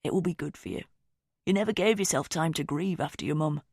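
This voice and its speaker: A woman voicing a warm, jokey older father with a soft, lowered voice. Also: brisk, breathy edge, no echo, studio quality. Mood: fond. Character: warm older British dad, gentle, jokey.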